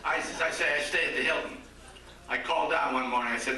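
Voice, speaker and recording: A man's voice: a little high, steady tone, fast, sharp tone. An older man from Ohio tells stand-up jokes at a banquet with a dry, punchline-driven delivery. His voice is caught from a distance in a big, echoing hall. There is noticeable noise throughout. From Akron, Ohio. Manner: dry joke-telling with quoted voices. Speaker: comedian at a roast dinner. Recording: echoey banquet hall from far off, noisy.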